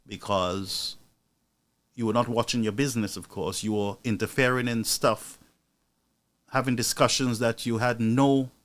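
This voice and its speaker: A man hosting a political commentary show, talking to his audience with indignation and rising into loud outbursts. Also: mid-range voice, steady tone, unhurried, long pauses. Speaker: news commentary host.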